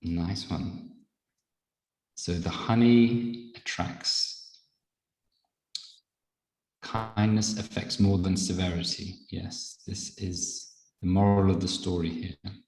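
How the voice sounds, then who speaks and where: A man teaching pronunciation in a live online master-class, explaining in a measured, patient way over a video call. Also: sits low, fairly even intonation, darkish tone. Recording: echoey room with long reverb.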